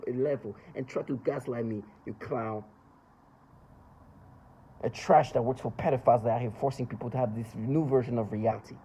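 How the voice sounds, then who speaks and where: Mellow-voiced man, ranting angrily. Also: medium pitch, slight background noise, poor audio. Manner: agitated, accusatory, emotional. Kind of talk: angry ranting monologue.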